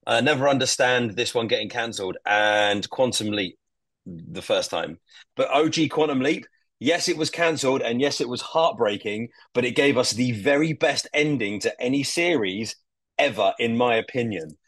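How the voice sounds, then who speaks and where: A man's voice: mid-range voice, normal speed, fairly bright tone, no room sound. Rambling man on a podcast, dry sound. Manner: rambling, filler-heavy, swears casually. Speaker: podcast guest. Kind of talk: casual podcast chat.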